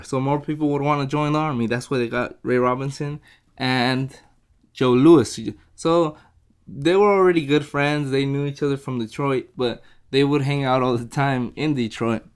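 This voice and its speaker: A man's voice: mid-range voice, unhurried, clear, resonant tone. A young man casually reviewing a book, rambling and repeating himself as he retells the story, now and then acting out quotes.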